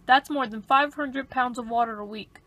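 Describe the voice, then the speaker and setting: High, bright woman narrating a skit. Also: moderate pace. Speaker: video creator and narrator.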